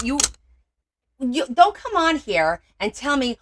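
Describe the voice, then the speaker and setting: Woman, middle-aged, craft livestream host, casual chat, teasing, chatty, mid-pitched voice. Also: lively intonation, normal speed, noisy background. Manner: chatty, teasing, greets viewers by name.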